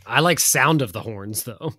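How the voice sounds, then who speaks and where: A man's voice: mid-range voice, lively intonation, normal speed, pushed and bright, no room sound, clean studio sound. Matter-of-fact young man explaining on a podcast. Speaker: podcast co-host. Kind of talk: casual chat.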